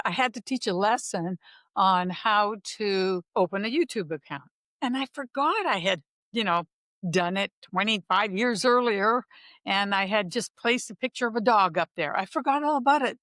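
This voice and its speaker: A woman co-hosting a podcast, chatting lively and spelling things out in a teacherly way. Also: medium pitch, moderate pace, no room sound, clean studio sound. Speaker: podcast co-host. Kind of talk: casual interview chat.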